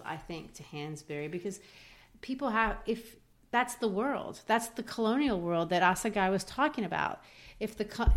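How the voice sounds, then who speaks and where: A woman teaching literature, analysing a play in animated discussion. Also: mid-range voice.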